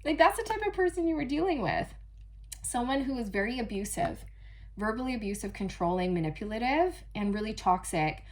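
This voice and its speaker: A woman giving a casual channeled tarot reading, chatty and animated, often addressing her viewers directly. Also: medium pitch, a little hiss or hum. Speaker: tarot reader.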